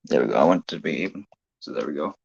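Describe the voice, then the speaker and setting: A man's voice: very deep voice, expressive, rapid-fire, gravelly, a little mellow, husky, no echo. A man filming toy trains at home, chatting casually on a phone live-stream and often correcting himself. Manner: rambling, self-correcting. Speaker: hobby toy-train filmmaker. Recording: dull lo-fi phone audio.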